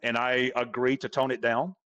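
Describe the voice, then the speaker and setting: Male golf coach guest, forceful repeater, average pitch, dry mic. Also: flat delivery, normal speed, dry recording, highs cut off. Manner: emphatic, repeats points for stress. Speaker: golf instructor, podcast guest. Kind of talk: casual podcast interview.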